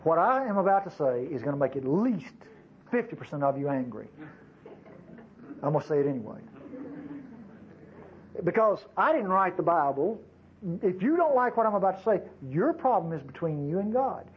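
A man's voice: high-pitched, big pitch swings, normal speed, pauses often, lo-fi sound, slight background noise. A man preaching a sermon to his congregation in a folksy, conversational way, with frequent asides to the listeners. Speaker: pastor.

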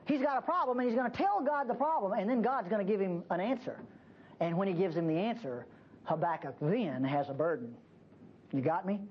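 A woman's voice: mid-range voice, a little fast. A woman teaching a Bible passage to a church group in a conversational way, acting out the prophet's pleas as she explains them. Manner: animated, acts out the prophet's pleas. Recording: dull lo-fi tape with faint hiss.

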